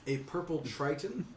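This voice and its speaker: Slow, rambling game master, man, roomy room, mic distant. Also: on the high side, darkish tone, a little hiss or hum. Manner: rambling, halting, full of ums, laughs often. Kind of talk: narrating a tabletop game.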